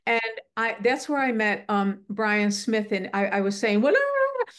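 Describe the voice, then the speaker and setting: A woman's voice: medium pitch, fairly even intonation, measured pace, a bit bright. A middle-aged woman speaking in casual conversation, telling a heartfelt story earnestly and animatedly, often restarting her sentences. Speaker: guest speaker on the afterlife. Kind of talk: casual chat.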